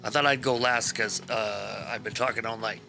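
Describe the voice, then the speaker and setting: A man's voice: on the low side, fairly even intonation, moderate pace, gravelly, bright, forceful tone, faint music behind. A man hosting a stream, chatting casually after a game session and praising his fellow players with rambling enthusiasm and casual swearing. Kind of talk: casual post-session chat.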